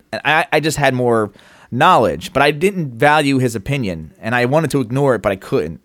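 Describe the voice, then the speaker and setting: A man chatting casually on a podcast, loose and unpolished, with the odd swear and acted-out anecdote. His voice sits at an ordinary pitch and sounds close and dry, with no room around it. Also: lively intonation, moderate pace, a bit bright, no echo. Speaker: podcast co-host.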